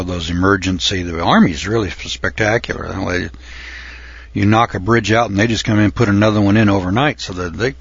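An older man telling a folksy, rambling story from his youth, often pausing with uh and clearing his throat. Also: on the low side, dry recording, dull audio. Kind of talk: folksy spoken reminiscence.

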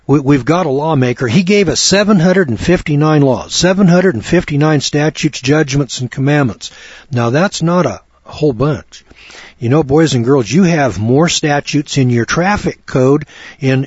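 Man, preacher, folksy sermon, husky, dull lo-fi recording. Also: on the high side, animated, normal speed, darkish tone, no echo. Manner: folksy, wry, rhetorical questions.

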